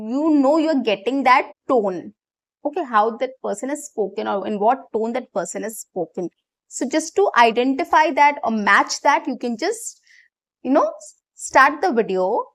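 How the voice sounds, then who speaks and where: A woman teaching English online, explaining a technique step by step and often checking in with "okay" and "right". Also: high voice.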